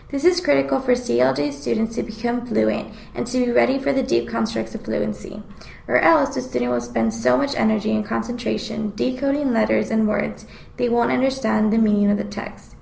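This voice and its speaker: A woman's voice: a little high, gravelly, roomy sound, poor audio. A woman reading aloud a scripted class presentation in an explanatory tone. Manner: reads aloud in an explanatory, even tone. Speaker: student presenter.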